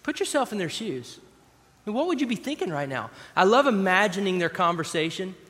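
A man's voice: high-pitched, very animated, brisk, a bit bright. A man preaching a sermon in a conversational way, acting out scenes from scripture as he reads. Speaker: pastor. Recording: long hall reverb.

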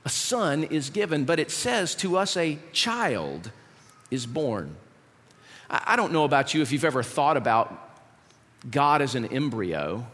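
A male pastor delivers a sermon in a slightly higher voice, conversational and full of rhetorical questions. His voice rings out with the long reverb of a church hall. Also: a bit bright.

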